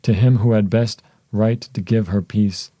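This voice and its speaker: A man's voice: fairly low pitch, fairly even intonation, a little slow, dark tone, no room sound, close to an everyday voice. A man reading as a solemn, tender young wife.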